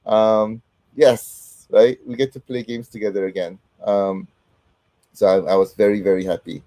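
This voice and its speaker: A middle-aged man hosts a casual livestream while fighting off an illness, his voice not fully recovered. His tone is mellow and close, with a dry, roomless sound. He talks haltingly, filling gaps with um and uh. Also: on the low side, flat delivery, no room sound. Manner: halting, heavy with um and uh, warm greetings to viewers. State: sick, voice not fully back. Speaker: host.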